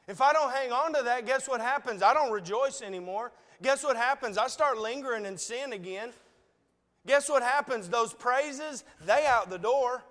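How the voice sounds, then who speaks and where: Very high-voiced man preaching in a reverberant hall. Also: fairly bright tone. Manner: earnest, conversational, repeated rhetorical questions. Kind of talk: sermon. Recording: long reverb of a large hall.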